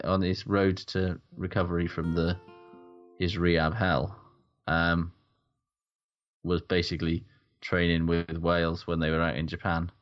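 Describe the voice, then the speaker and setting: A man's voice: sits low, dull audio. A man co-hosting a podcast, chatting casually with dry, mock-solemn reactions. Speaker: podcast co-host. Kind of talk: casual chat.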